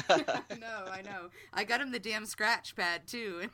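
A woman's voice: medium pitch, slow pace, bright, forceful tone. A woman chatting casually as a guest, giggling often. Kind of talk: casual chat.

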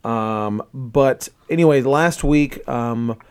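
A man hosting a casual podcast chat in a relaxed, hesitant way, with many ums. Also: mid-range voice, takes it slowly, smooth. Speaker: podcast host.

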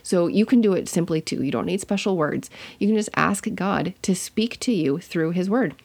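Woman podcast host, lowish gravelly voice, chatty teaching monologue with self-corrections. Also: expressive, normal speed, a little mellow.

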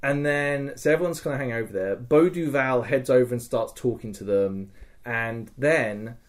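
Male podcast host, mid-pitched, casual storyteller, animated and sweary, always checking in with "right?". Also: normal speed.

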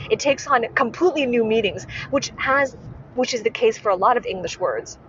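A woman's voice: mid-range voice, highs cut off, a little hiss or hum. A woman hosting a podcast and teaching about speech, who often checks in with tag questions and corrects herself mid-sentence. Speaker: podcast host and speech coach. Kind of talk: instructive podcast monologue.

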